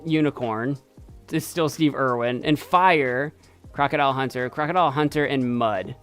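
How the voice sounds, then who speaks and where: A man streaming a game, chatting playfully and excitedly as he thinks aloud. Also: medium pitch, normal speed, clear, resonant tone, soft background music. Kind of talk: casual gameplay commentary.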